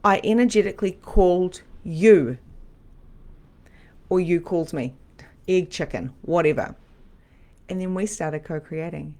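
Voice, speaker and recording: A middle-aged woman, a medium and spiritual coach, teaching on a live stream in a chatty, animated, repetitive way. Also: lowish voice, a little slow, pauses often.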